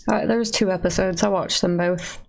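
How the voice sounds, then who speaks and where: A woman's voice: medium pitch, fairly even intonation, a little fast, gravelly, a little mellow. A woman with an Eastern Kentucky accent, rambling casually and self-deprecatingly as a livestreamer chatting to her viewers at her computer. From Eastern Kentucky, USA. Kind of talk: casual chat to a live chat.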